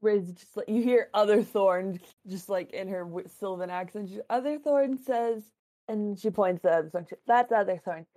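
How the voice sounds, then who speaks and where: A woman playing a tabletop game, talking quickly and laughing. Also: medium pitch, warm tone. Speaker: player. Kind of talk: casual tabletop play.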